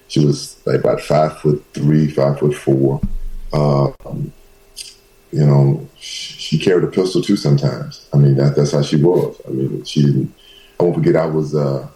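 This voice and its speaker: A man in his sixties from the Southern US, a former football player, telling family stories in a halting, laughing way as a talk show guest. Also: rumbling low, mellow, reverberant, poor audio. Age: 60s. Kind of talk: casual storytelling in a talk show interview.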